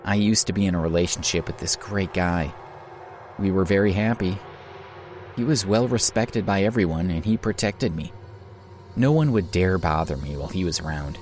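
A man's voice: sits low, normal speed, darkish tone, faint music behind, lightly acted. A man voicing a bitter young mother. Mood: wistful. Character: defiant young single mother, woman.

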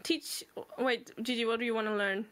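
A woman chatting casually on a game stream, excitable and eager, keen to try things. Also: on the high side, normal speed. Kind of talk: casual gaming chat.

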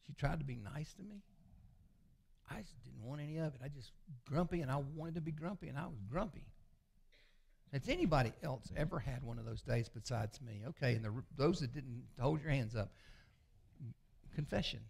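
A man, a pastor preaching a sermon with folksy, confessional storytelling that often sinks to a low murmur. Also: lively intonation, normal speed, vocal fry, a little mellow, husky. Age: 60s.

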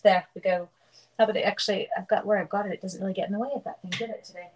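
A woman's voice: medium pitch, quick pace, rough recording. Chatty middle-aged woman hosting craft stream. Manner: chatty, greets viewers by name as she works. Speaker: papercraft demonstrator hosting a live stream. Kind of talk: casual live-stream craft demo.

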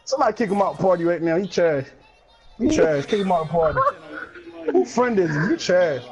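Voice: mid-range voice, expressive, fairly quick, darkish tone, faint music behind. A gamer giving running commentary on an online fighting match, taunting opponents over and over in a teasing, sing-song way. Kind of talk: trash-talking gameplay commentary.

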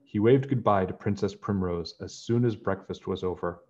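A man reading a children's picture book aloud in a gentle storytelling manner, then chatting to his young listeners. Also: low voice, normal speed, dull audio.

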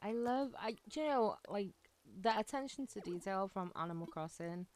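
A woman chatting casually on a game live stream, excitable and giggly, with lots of likes and ums. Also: mid-range voice, normal speed. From United Kingdom.

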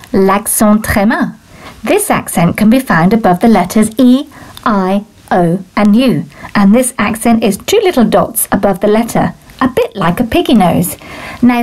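A woman teaching French to children, explaining slowly and clearly with cheerful enthusiasm. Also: mid-range voice, darkish tone. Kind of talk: children's language lesson.

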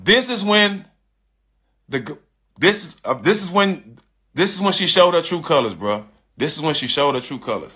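A man casually telling a personal story to an online audience, animated and emphatic, repeating phrases and calling his listeners "dog" and "bro.". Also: on the high side, moderate pace, pauses often, husky. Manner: frank and confessional, with slangy speech.

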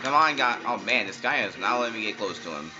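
A man's voice: lowish voice, lively intonation, fast. A man giving casual, jokey let's-play commentary, talking back to the game characters as he plays. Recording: dull lo-fi sound with loud game music.

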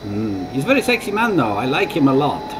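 A man voicing a gossipy French woman who loads cars onto a train, in a high falsetto with a mock French accent. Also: wildly swooping pitch, a little fast, background noise. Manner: chatty, teasing.

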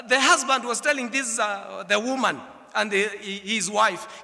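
A man preaches at a funeral, his voice high and bright with a gravelly edge. He drops to quiet asides, then rises to shouted exhortation. The sound rings with long reverb from the church hall. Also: unhurried. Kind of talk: sermon with storytelling.

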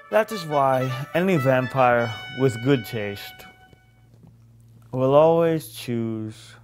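A suave aristocratic vampire count, played by a man pitches his product in a slow, unhurried voice. Music plays clearly behind him. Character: refined aristocratic male vampire, Count Farnham, in a mock commercial.

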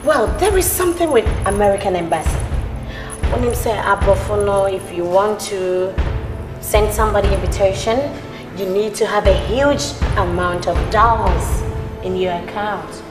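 A woman's voice: medium pitch, normal speed, natural voice. An actress playing a Ghanaian woman posing as an American, apologetic and chatty with many fillers. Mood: persuasive. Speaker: film character. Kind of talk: film acting. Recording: echoey hall with loud film music.

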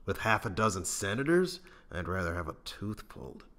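A man's voice: low-pitched, very animated, moderate pace, bright, forceful tone, full character voice. A man doing a cocky, grumbling smuggler. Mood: restless. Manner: sarcastic, grumbling. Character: cocky, stubborn male smuggler, middle-aged. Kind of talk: fan audiobook reading.

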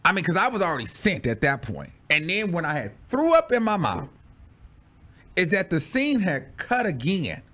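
A man recounts a personal story in a casual story-time vlog. His voice sits high and swings widely as he tells it. His delivery is dramatic and exclamatory. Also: wildly swooping pitch, normal speed, pushed and bright. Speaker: vlogger telling a personal story.

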